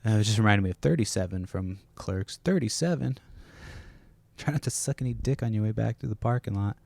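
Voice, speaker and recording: Guy rambling on his home podcast, kinda low voice, dry close mic, swears a lot, keeps restarting sentences. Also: fairly even intonation, fast talker, gravelly, darkish tone, no room sound. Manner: rambling, swears often, self-interrupting with restarts. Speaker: podcast host. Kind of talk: casual solo podcast rambling. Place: home, kids nearby.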